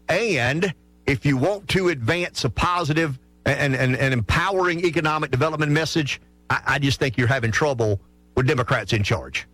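A middle-aged Southern man hosts a talk-radio show, his pitch riding fairly high and swinging widely as he makes his case. His delivery is frank and folksy, full of restarts, and the studio sound is close and dry. Faint music sits far behind him. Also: sing-song, normal speed, fairly bright tone, no room sound. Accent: Southern American. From South Carolina. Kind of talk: opinionated call-in radio monologue. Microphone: studio microphone.

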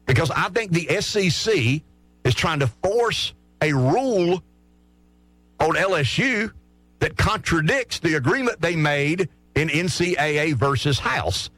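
Man, sports talk commentator, animated pitch, slightly raised voice, argumentative, rhetorical questions, dry close sound. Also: unhurried, no echo. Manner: argumentative, poses rhetorical questions and answers them.

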